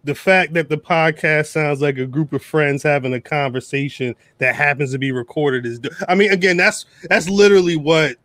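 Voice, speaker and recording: A man hosting a podcast, talking in a relaxed way with stammering restarts as he reads listener shoutouts. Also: on the high side, normal speed, hardly any pauses, no room sound. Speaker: podcast host. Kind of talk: casual chat.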